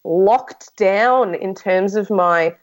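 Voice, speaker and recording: A woman talks as a podcast guest, frank and open as she tells her own story. She often restarts her sentences and uses fillers. Her voice sits at an ordinary middle pitch. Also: very slow, poor audio. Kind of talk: casual conversation.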